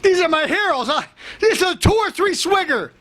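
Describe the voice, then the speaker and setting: High-pitched blustering man ranting. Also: lively intonation, moderate pace. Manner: boastful, blustering, threatening to beat people up; bursts into shouting. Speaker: comedy show host. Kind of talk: comic tough-guy rant.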